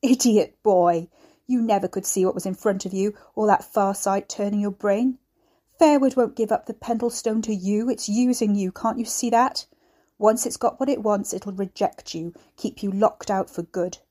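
A woman voicing a frail, bedridden old man who croaks and wheezes and scolds with a sharp tongue. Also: mid-range voice, steady tone, moderate pace, lightly acted. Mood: urgent.

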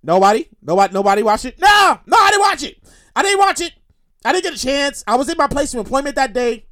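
A man hosting his own comedy show, rambling and repeating himself, with animated outbursts. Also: very high-pitched, quick pace, shouting. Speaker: podcast host. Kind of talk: comedic solo monologue.

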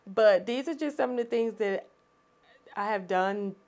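A woman, a podcast guest telling her story in an animated, expressive way and laughing often. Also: medium pitch, a little slow. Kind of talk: storytelling in conversation.

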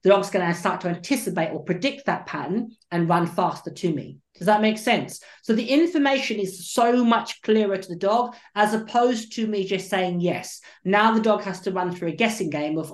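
A man, a dog trainer and coach, explaining his training methods at length in an animated interview. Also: high voice, normal speed, few pauses. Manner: animated, acts out what the dog thinks. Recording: roomy echo.

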